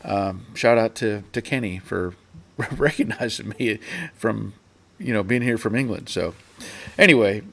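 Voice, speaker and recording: A man with a somewhat low voice hosts a casual live stream. He rambles through his stories with fillers and restarts, then reads viewers' comments aloud. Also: a little slow, vocal fry, a bit bright, a little hiss or hum.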